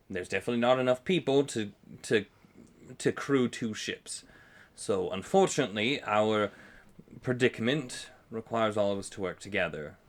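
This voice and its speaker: A stiff, cautious middle-aged ship captain, played by a man running the game. He speaks formally and haltingly in a fairly low voice. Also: close to an everyday voice.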